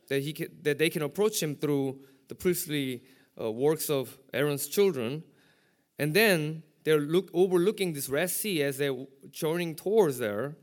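A middle-aged man, a pastor, preaching a sermon with lively rhetorical questions. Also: a little high.

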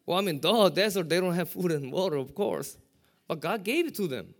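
A middle-aged man, a pastor, preaching a sermon with lively rhetorical questions. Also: high-pitched, brisk.

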